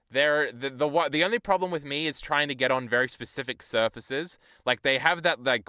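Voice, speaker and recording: A man's voice: medium pitch, bright, forceful tone, smooth, no echo, clean studio sound. A young man streamer rambling in a casual, profane, self-deprecating way while he chats to his viewers.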